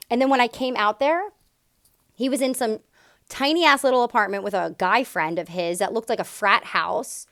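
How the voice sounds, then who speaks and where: A woman's voice: a little high, fairly bright tone, no room sound. Candid woman telling her own story, dry sound. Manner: emphatic and candid, many likes and asides. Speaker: vlogger sharing a personal story. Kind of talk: casual personal storytelling.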